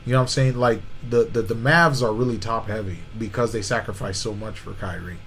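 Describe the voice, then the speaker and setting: A man's voice: on the low side, steady tone, brisk, fairly bright tone, low-quality recording. Man, podcast co-host, casual sports debate, slangy, repetitive fillers, faint background noise. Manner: slangy, repeats "you know what I'm saying".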